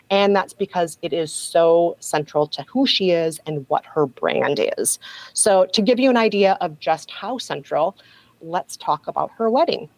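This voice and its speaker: A woman's voice: on the low side, darkish tone, rough recording. A woman guest on a podcast, telling a story in a sardonic, casual way and laughing often.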